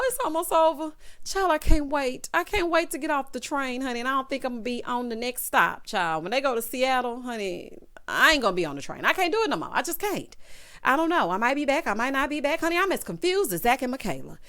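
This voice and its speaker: A woman's voice: fairly high pitch, fairly bright tone. A woman recapping a reality TV episode in a sassy, exclamatory way, often calling people "child" and "honey". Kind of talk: casual episode recap and commentary.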